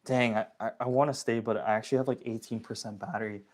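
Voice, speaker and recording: A man's voice: fairly low pitch, steady tone, fast. A young man from the area, chatting casually with viewers on a phone livestream, slangy and reading chat comments aloud. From Toronto area, Canada.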